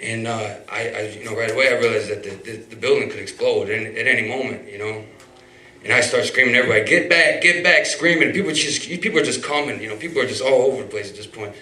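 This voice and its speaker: A man's voice: fairly low pitch, quick pace, sharp tone. A man telling a personal story live on stage, rambling, with restarts, fillers and swearing. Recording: roomy hall, mic far off.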